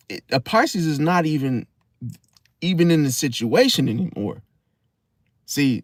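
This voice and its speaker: A man's voice: mid-range voice, no echo, studio quality. A man hosting an astrology talk in a casual monologue, preachy and repeating "see?" while acting out quoted apologies. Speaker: astrology channel host.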